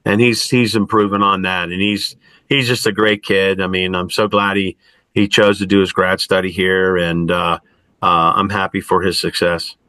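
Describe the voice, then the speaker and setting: A middle-aged man, a college basketball coach, answers questions in a halting, stop-start way, leaning on "I mean" and "you know". His voice sits a little low but has a bright, forceful edge. The sound is dry and close. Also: level tone, dry recording. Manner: halting, many restarts and fillers like "I mean". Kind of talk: post-game style interview answers.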